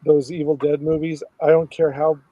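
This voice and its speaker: A man chatting casually about movies, relaxed and agreeable. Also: a little high, normal speed, dry recording, lo-fi sound.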